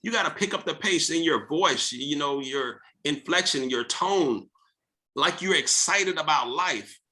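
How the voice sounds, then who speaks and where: Man, coaching host on a video call, high-ish and very bright, forceful and energetic. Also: a little slow. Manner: energetic, coaxing, asks the group questions. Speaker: real estate team leader hosting a video call. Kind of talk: motivational coaching talk.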